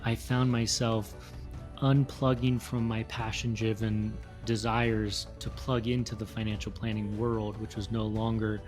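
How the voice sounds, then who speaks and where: A middle-aged man from the East Coast of the United States, co-hosting a podcast, talking in an earnest, measured way with some fillers. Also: lowish voice, darkish tone. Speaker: podcast co-host. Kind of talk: casual reflective talk.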